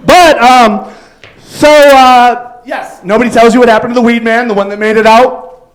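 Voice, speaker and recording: Rambling stand-up comedian, high voice. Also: male voice, unhurried, rough recording. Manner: rambling storytelling with fillers and acted quotes. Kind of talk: stand-up set. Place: comedy club stage.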